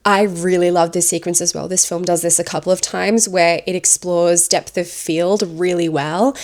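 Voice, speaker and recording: A woman's voice: fairly low pitch, a little mellow. A woman reviewing a horror film, chatting enthusiastically as she retells its plot scene by scene.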